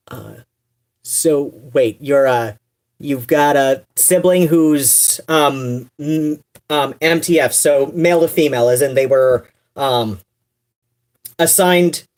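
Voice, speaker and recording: A woman with a fairly low voice talks casually on a livestream, wandering through her thoughts. She fills gaps with ums and restarts, dropping wry asides as she goes. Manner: rambling, many fillers and restarts, wry asides. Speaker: streamer.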